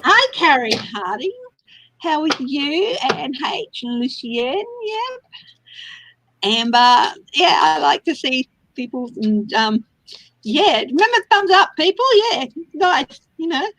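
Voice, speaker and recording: A woman's voice: high voice, very animated, slow pace, fairly bright tone, dry recording, poor audio. A woman from Australia hosting a casual tarot reading livestream, chatting and laughing often. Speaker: tarot reader livestream host.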